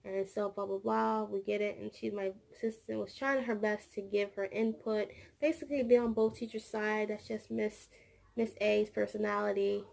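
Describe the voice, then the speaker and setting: Gravelly-voiced woman telling a rambling story. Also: medium pitch, level tone, normal speed, a little mellow. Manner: rambling, repeats words, acts out quoted dialogue. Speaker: vlogger; childcare teacher. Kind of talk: casual storytelling vlog.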